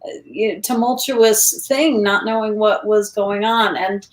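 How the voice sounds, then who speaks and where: A woman's voice: medium pitch, fairly even intonation, a little slow, echoey room, rough recording. A woman co-hosting a book club chat, speaking earnestly in casual conversation. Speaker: co-host.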